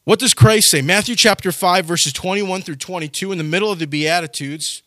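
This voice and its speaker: Male pastor, animated sermon delivery, higher voice, dry recording. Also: brisk, dry recording. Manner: animated, acts out quoted voices.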